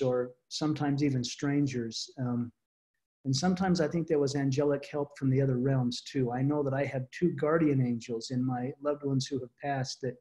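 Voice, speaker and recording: A man telling a personal story to a support group, earnest and halting, often restarting his words over a video call. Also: medium pitch, a little mellow. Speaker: guest speaker.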